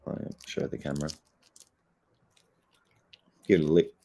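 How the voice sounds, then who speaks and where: A man's voice: extremely low pitch, steady tone, normal speed, creaky, warm tone, slight background noise. A young Australian man, stoned and laid-back, rambling and swearing heavily in a casual livestream chat. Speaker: streamer.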